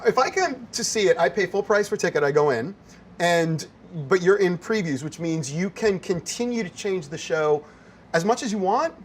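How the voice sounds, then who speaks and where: A man's voice: high voice, expressive, moderate pace, slight background noise. A man hosting an interview from behind a bar, enthusiastic and effusive in casual chat. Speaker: show host.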